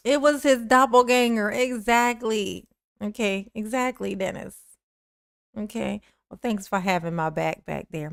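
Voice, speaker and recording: Speaking a little slowly with vocal fry at a medium pitch, a woman livestreams commentary on court clips, ridiculing them, laughing frequently, and replying to chat. The recording is dry and studio quality.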